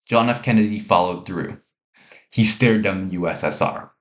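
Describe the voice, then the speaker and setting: Man, read speech presentation, plain reading, slight stumbles, low-ish voice. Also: moderate pace.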